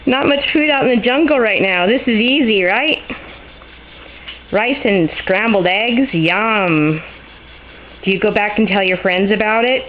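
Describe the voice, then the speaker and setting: A woman's voice: mid-range voice, takes it slowly, long pauses, muffled recording, slight background noise. A woman filming her pet parrot at home, out of breath and cooing at the bird in affectionate baby talk. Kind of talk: casual home video talk. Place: home garden and kitchen in the rainforest. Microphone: handheld camera mic.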